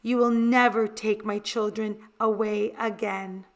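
A woman reading the lines of a defiant father and community chief in a low, even voice, slowly. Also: close to an everyday voice.

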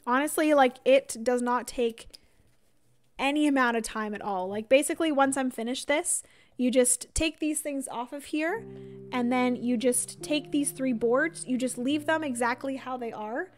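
A woman's voice: sits high, normal speed. A young woman chatting casually on a livestream, explaining a solo board game at her table, with lots of fillers and asides. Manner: chatty, filler-heavy, reads and answers chat.

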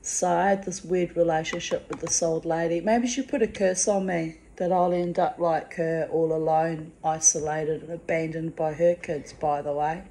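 A woman's voice: sits low, steady tone, moderate pace, few pauses, mellow, a little hiss or hum. A middle-aged woman speaking in a personal vlog monologue, bitter and confiding, with blunt swearing. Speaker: vlogger.

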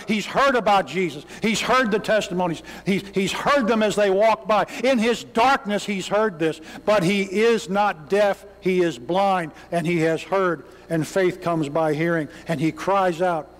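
A pastor in a church sanctuary delivers a sermon in a high voice at a measured pace, barely pausing. He tells the story dramatically, crying out the lines of its characters, and a long hall reverb trails his words.

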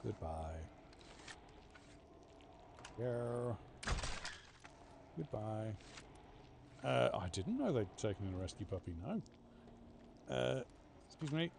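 A gaming streamer gives casual let's-play commentary in a gravelly, sing-song, medium-pitched voice, taking it slowly with long pauses against a noisy background. He chats sarcastically with the on-screen characters and breaks into mock-panicked outbursts.

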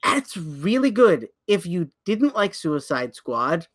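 A man's voice: sits high, slow pace. A man co-hosting a podcast, casually and animatedly retelling a series with lots of restarts. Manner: animated storyteller, many restarts. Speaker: podcast co-host. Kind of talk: casual chat.

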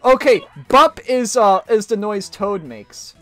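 A man's voice: high voice, expressive, slow pace. A man streaming a party game, chatting casually and joking with friends. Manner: joking, laughs often, mock British voice. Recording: faint music behind.

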